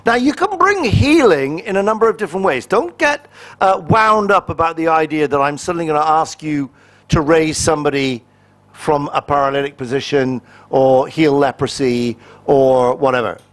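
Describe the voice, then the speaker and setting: A man's voice: a little high, expressive, moderate pace. A man, a pastor, preaching a sermon in a conversational and humorous way, acting out little quoted exchanges.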